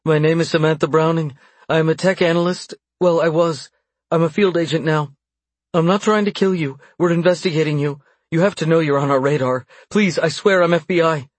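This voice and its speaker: A man's voice: a little high, fast, few pauses, slightly rough, no room sound, pitched above the performer's own voice. A man voicing a terrified young female federal agent who pleads in a rush. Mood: panicked.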